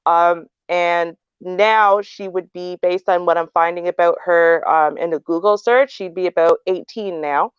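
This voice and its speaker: A woman's voice: lowish voice, steady tone, a little slow, hardly any pauses, smooth, no room sound, lo-fi sound. A woman commentating in a casual way, sounding incredulous and reasoning things out aloud. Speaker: podcast commentator.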